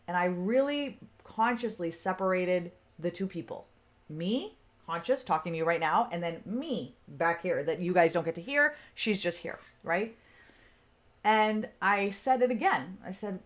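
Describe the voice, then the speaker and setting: A woman telling a personal story in a casual, conversational way, often checking in with her listeners. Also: mid-range voice. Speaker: speaker on self-care.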